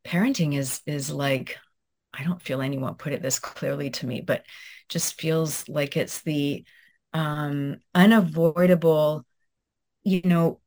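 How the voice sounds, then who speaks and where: Thoughtful female author, thirties, lowish voice, hesitant and reflective. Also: steady tone, slow. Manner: soft, reflective, with many hesitations and restarts. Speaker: guest author. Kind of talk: conversational interview, then reading her own essay aloud.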